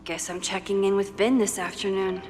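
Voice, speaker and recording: An actress voicing a thoughtful young woman in a video game, speaking in a soft, musing inner monologue. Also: medium pitch, little pitch movement, moderate pace, natural voice. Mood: wry. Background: game music.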